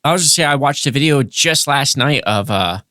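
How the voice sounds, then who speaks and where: Male co-host, mid pitch, halting and hesitant, dry sound. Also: expressive, pushed and bright, no echo. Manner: halting, many fillers and restarts. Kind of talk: casual chat.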